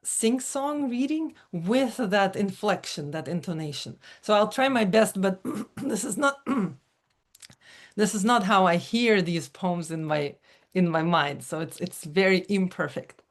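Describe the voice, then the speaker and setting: A woman giving a prepared academic lecture, measured and careful, with occasional fillers and self-corrections. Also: medium pitch. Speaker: academic speaker.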